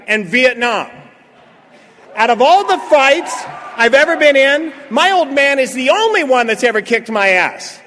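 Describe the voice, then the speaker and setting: A middle-aged man telling a funny story at a recovery meeting, full of jokes and lively. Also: very high voice. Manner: joking, animated storyteller. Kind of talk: humorous recovery talk to a live audience. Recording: echoey hall with faint crowd laughter.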